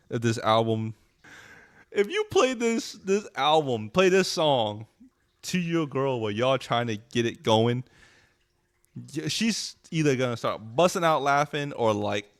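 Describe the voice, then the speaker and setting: Brief: mocking male streamer reacting to music, blunt and profane, mid-pitched voice. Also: lively intonation, a little slow.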